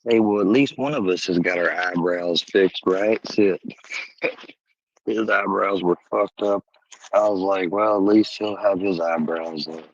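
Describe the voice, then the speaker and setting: A man's voice: deep voice, unhurried, creaky, no room sound. A man talks in a rambling, loose way on his livestream. He sounds like he is at home. The audio is a little dull and lo-fi. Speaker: livestream host. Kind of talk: casual livestream chat. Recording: slightly dull lo-fi stream audio.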